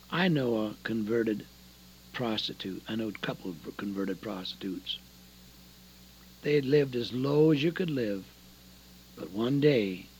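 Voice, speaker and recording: A man preaching a radio sermon, swinging dramatically between loud calls and hushed words. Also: mid-range voice, slight background noise.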